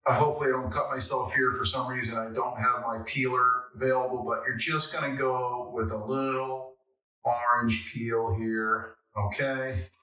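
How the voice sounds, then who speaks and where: Bright-voiced Philly guy hosting. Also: mid-range voice, fairly even intonation, normal speed. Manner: chatty, wry, jokey asides. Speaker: host. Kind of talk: casual cocktail-making vlog chat.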